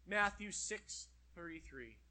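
A middle-aged man preaching a sermon with emphatic, animated delivery, slowing down to read scripture. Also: sits high.

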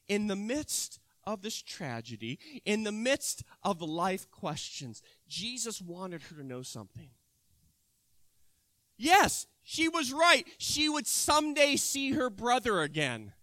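A man preaching a sermon, retelling a scripture story with animated storytelling and emphatic bursts. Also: high-pitched, no room sound, studio quality.

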